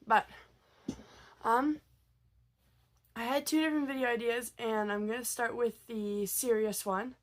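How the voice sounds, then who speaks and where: A woman's voice: on the high side, fairly even intonation, unhurried, pauses often. A woman vlogger with a cold, sounding tired as she tells a story in a loose, casual way. She hesitates a lot and trails into fillers and restarts. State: sick, tired.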